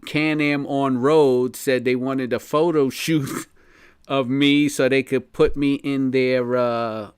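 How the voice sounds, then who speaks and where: A man's voice: medium pitch, fairly even intonation, slow pace, clear, resonant tone, dry recording, studio quality. A man hosting a casual live podcast chat, laid-back and slangy, laughing often. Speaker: podcast host.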